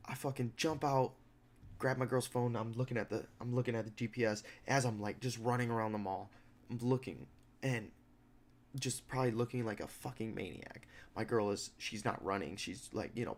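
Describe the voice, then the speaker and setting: Young man, podcast host, gravelly voice, casual profane storytelling, acts out other people. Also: mid-range voice. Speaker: mixed martial arts fighter.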